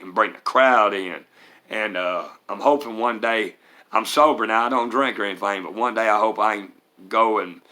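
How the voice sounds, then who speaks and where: Bright-toned man. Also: on the low side. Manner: earnest and rambling, with Southern US turns of phrase. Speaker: vlogger telling his recovery story. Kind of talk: personal testimony.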